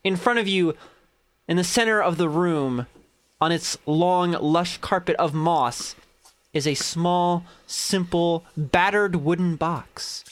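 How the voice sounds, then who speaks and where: Man narrating a tabletop game. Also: on the high side. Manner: slow descriptive narration with joking asides. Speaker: game master.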